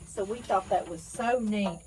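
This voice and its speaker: A woman's voice: mid-range voice, measured pace, a little mellow, slight background noise, poor audio. A middle-aged woman with a Southern drawl, chatting casually to her viewers as a cooking channel host, folksy and talkative, calling them y'all. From Louisiana. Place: outdoor canning kitchen porch.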